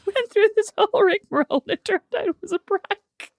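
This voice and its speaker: A woman's voice: extremely high pitch, normal speed, no room sound, clean studio sound. A woman co-hosting a podcast, chatting casually with her sister and teasing her while she tells stories. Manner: lively teasing storyteller. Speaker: podcast co-host. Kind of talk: casual chat between sisters.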